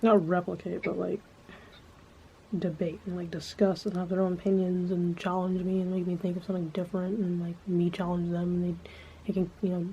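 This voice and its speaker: A woman rambles casually to the camera in a lowish, flat voice, swearing often and leaning on filler words. The recording sounds dull and lo-fi, with faint noise in the background. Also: fairly quick. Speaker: vlogger.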